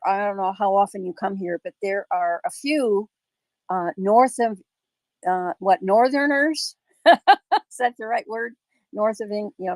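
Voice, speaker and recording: Female host, slow rambling delivery, dry close sound. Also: mid-range voice, a little mellow, no room sound. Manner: rambling and thoughtful, many fillers. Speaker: host of a live audio space. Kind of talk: casual chat.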